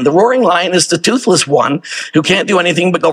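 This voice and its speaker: Husky-voiced man preaching conversationally. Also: high-pitched, lively intonation, brisk, fairly bright tone. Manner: conversational preaching with rhetorical questions. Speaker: pastor. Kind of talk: sermon.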